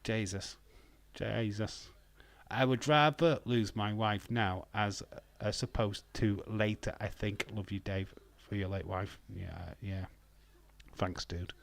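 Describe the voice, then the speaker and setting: A man's voice: fairly low pitch, slow, creaky, no room sound. A man hosting a watch-along stream, joking, laughing often and chatting with his viewers. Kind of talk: casual live commentary.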